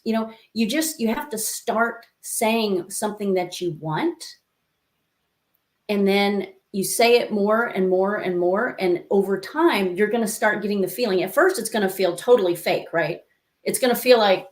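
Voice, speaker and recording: A woman life coach telling stories as an interview guest, lively and acting out the voices she quotes, with many asides to the listener. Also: medium pitch, normal speed. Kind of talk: conversational interview storytelling. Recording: echoey room.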